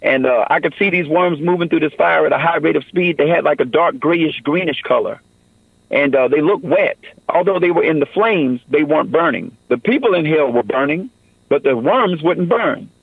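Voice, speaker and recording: Raspy man on a phone line. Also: a little high, moderate pace, dry recording. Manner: earnest, repeats "man" and "you know". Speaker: interview guest giving testimony. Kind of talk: personal testimony in a radio interview.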